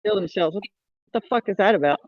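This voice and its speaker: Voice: medium pitch, fast, no room sound. A caller on a casual online voice chat who talks bluntly and swears freely. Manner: blunt and profane. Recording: muffled voice-call audio.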